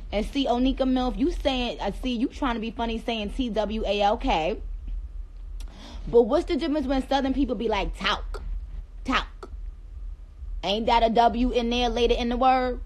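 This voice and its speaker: A woman's voice: medium pitch, a little mellow, low-quality recording. A woman from Trinidad chatting playfully with viewers on a phone livestream, talking straight to them from a dim room. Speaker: livestream host. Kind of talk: casual livestream chat to viewers.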